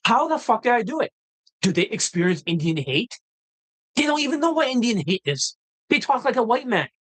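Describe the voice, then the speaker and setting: A man's voice: extremely high pitch, a little fast, low-quality recording. A man hosting a dating-coach livestream, talking off the cuff in a blunt, profane, combative way that keeps flaring into heated outbursts. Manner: excitable, rising into heated outbursts. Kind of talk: unscripted livestream rant.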